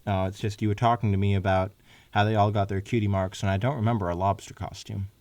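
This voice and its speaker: A man's voice: fairly low pitch, fairly even intonation, quick pace, a little mellow, no room sound. A man co-hosting a comedy podcast, reading fanfiction aloud and stopping to add asides. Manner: reads with asides and stumbles.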